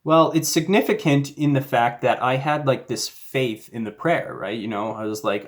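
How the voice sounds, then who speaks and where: A man's voice: mid-range voice, animated, moderate pace. A man telling a personal faith story in a casual, rambling way, with fillers and restarts. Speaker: YouTuber.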